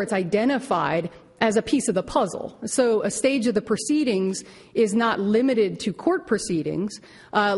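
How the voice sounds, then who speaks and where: A woman attorney making a measured oral argument before a court, often restarting phrases. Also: medium pitch, darkish tone. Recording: long reverb of a courtroom.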